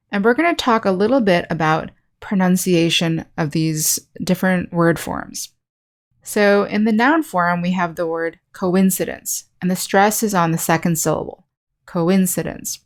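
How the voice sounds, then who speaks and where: A woman with a slightly low voice teaches an online English class. She speaks slowly and clearly, modeling example sentences for learners. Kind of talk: scripted online lesson.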